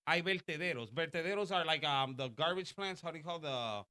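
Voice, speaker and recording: A man's voice: on the high side, animated, fairly quick, pushed and bright, smooth. A man from Puerto Rico with a Puerto Rican accent, a guest chatting casually on a podcast in a loose, profane way. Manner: loose, profane, full of fillers.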